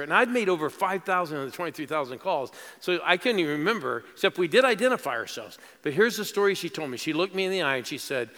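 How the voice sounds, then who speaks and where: Fairly quick and forceful, a middle-aged pastor's bright, slightly high voice rises with lively intonation as he tells emotional stories building to exclamations. He's preaching a sermon in a large church auditorium whose reverberant hall has a crowd in the background.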